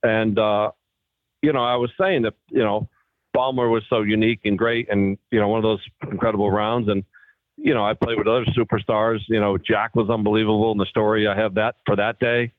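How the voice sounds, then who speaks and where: A man's voice: lowish voice, a little fast, dry recording. A man on a phone line, casually telling old tour stories and acting out the voices of the people in them. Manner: animated storyteller acting out quoted voices. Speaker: guest golfer. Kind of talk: casual storytelling.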